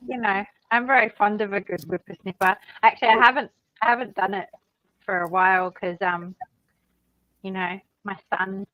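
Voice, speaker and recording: A woman's voice: medium pitch, no echo, muffled recording. An Australian woman co-hosting a livestream, chatting casually and patiently explaining things with plenty of fillers. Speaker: livestream co-host. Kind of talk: casual chat.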